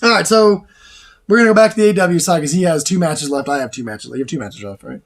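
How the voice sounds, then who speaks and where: An excitable man hosts a casual back-and-forth, his voice sitting a bit high. He rambles, laughs often and trips over his own restarts as he rushes to get his thoughts out. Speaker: show host. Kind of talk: casual chat.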